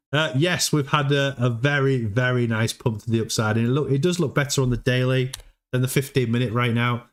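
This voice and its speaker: A man's voice: mid-range voice, fairly even intonation, fairly quick. A man hosting a casual livestream, chatty, often repeating words and laughing as he talks. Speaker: livestream host.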